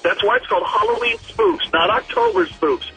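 A man doing an over-the-top dramatic impression of a celebrity, reading radio promos with halting pauses. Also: extremely high pitch, huge pitch swings, vocal fry, pushed and bright, soft background music, heavily acted. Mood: indignant. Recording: dull lo-fi radio sound.

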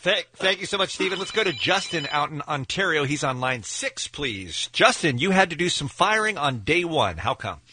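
A male radio host with a bright, slightly husky voice that rises and falls freely. He banters fast and jokey between calls. His lines have the easy pace of live radio. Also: a little high, big pitch swings. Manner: quick, jokey, reads out listener stories. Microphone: studio microphone.

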